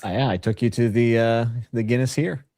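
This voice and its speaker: A man's voice: mid-range voice, brisk, dark tone, dry recording, clean studio sound. A man co-hosting a casual livestream chat, teasing his friend and laughing as he goes. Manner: teasing, giggly, enthusiastic.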